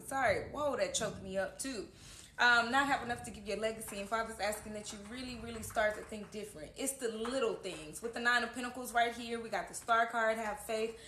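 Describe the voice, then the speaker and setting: A woman's voice: on the high side, a little fast, pushed and bright, slight background noise. A woman giving a casual tarot horoscope reading, earnest and encouraging, often checking in with "okay?", recorded in an echoey room at home. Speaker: tarot reader.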